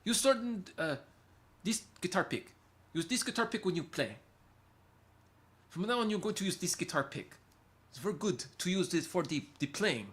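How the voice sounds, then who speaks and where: A man's voice: high-pitched, expressive, moderate pace, pauses often, fairly bright tone, voice pushed up. A man voicing a stiff, formal man with a mock South African accent who gives repeated instructions. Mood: instructive.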